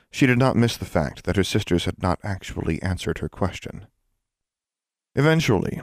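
A man reading scripted audiobook narration in an even, measured storytelling manner. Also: low-pitched, no echo, studio quality.

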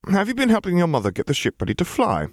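A man's voice: high voice, wildly swooping pitch, fast talker, no echo, clean studio sound, voice pushed up, exaggerated voice. A man voicing a courteous older former Navy man with formal, wry phrasing. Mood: courtly. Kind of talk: audiobook character voice.

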